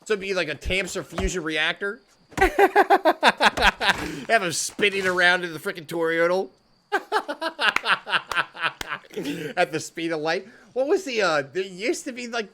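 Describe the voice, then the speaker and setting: A man's voice: high voice, very animated, a little slow, bright, forceful tone, a little hiss or hum. A man hosting a livestream, chatting casually with viewers in a jokey way and laughing often. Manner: jokey, laughs often, says "dude" and "frickin'". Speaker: livestream host.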